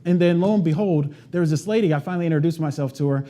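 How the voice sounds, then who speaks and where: A man giving a conference presentation, telling a story in a casual, animated way, with lots of "like" and "right?". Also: a little high, racing. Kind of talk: storytelling keynote talk. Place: event stage before an audience.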